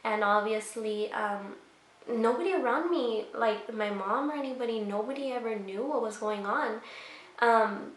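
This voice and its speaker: A woman's voice: fairly high pitch, measured pace, a bit bright, reverberant. Young woman rambling through a story. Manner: rambling, many fillers, emotional retelling. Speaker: vlogger. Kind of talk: casual storytelling to camera.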